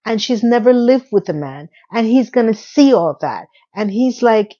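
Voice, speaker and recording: A woman's voice: fairly high pitch, moderate pace. Chatty woman recapping, lo-fi sound. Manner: chatty and animated, retelling scenes with quoted lines. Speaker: recap vlogger. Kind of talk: casual episode recap.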